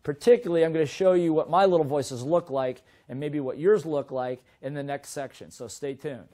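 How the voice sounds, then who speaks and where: A middle-aged man teaching a seminar as a business trainer, in a lively way that keeps asking the audience questions. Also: on the high side, a little fast. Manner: lively, asks the audience many rhetorical questions.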